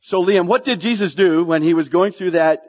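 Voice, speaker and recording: At a normal speed, a high-pitched male pastor preaches with animation, repeating key lines and asking the congregation questions. The sound is dull, with a long reverb from the hall.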